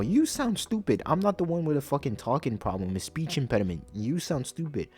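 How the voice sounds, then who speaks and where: A young man hosting a podcast, telling a story in a profane, animated late-night monologue. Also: lowish voice. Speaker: podcast host.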